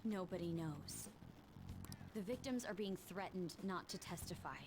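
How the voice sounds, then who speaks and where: A stern student council president. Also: female voice, fairly low pitch, lively intonation, poor audio. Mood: commanding. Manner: cool, commanding, measured. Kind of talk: video game dialogue. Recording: game audio with music behind.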